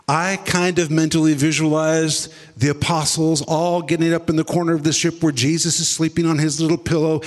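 A man preaching a sermon, telling the story dramatically and acting out what people said. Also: long reverb tail. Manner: dramatic storytelling, acting out quotes with big swings in pitch and pace.

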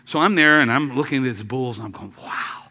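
A male pastor preaching from the pulpit with a bright, forward voice. He tells an anecdote full of jokes, sinking to hushed lines and then bursting out loud. A faint hum sits under the sound. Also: mid-range voice, quick pace. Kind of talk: sermon. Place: church sanctuary.

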